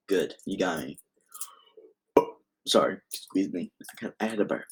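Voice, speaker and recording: A man's voice: low-pitched, expressive, normal speed, long pauses, husky. A young man casually improvising a fan story, rambling and often interrupting himself. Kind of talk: improvised fan-fiction narration.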